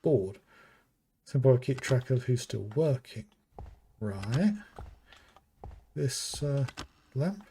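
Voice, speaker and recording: A man's voice: medium pitch, expressive, warm tone, a little hiss or hum. A man with a British accent streaming a horror game, thinking aloud and reading out items as he plays. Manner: slow, thinking aloud, muttering item names. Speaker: gaming streamer. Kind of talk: live game commentary.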